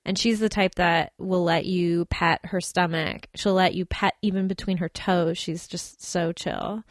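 A woman's voice: lowish voice, steady tone, unhurried, no room sound, studio quality. A woman hosting a casual chat, playful and chatty. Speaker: podcast host.

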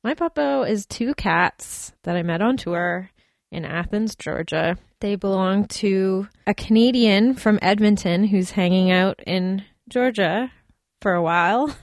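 A woman with a mid-pitched voice hosts a casual chat in a playful, chatty way. The sound is dry and close to the mic. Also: measured pace, no room sound. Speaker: podcast host.

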